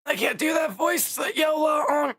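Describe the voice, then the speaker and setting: A man's voice: very high voice, normal speed, sharp tone, shouting. A man streaming a game, making casual joking asides between scenes. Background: game music.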